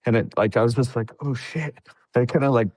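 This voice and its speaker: A man's voice: racing, no echo. A man, a podcast guest and veteran, telling a long war story in casual chat, acting out quotes from others in a raised voice. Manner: animated storyteller, acts out quotes in a higher voice.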